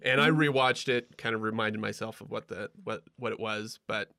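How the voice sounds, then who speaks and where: A man hosting a casual podcast chat, laughing often and trailing off quietly at the ends of thoughts. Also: fairly low pitch, normal speed, no room sound, clean studio sound. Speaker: podcast host.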